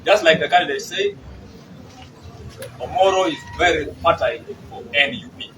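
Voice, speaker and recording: A man's voice: a little high, moderate pace, bright, forceful tone. A man with a Ugandan English accent, a party regional chairman speaking emphatically at a press conference. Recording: distant mic, noisy outdoor ambience.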